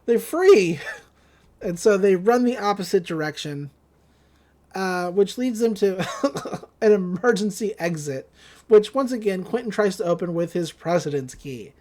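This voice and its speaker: A woman hosting a podcast, recapping a cartoon episode in casual chat, with frequent laughs and quick quoted asides. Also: medium pitch, expressive, dark tone. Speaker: podcast host.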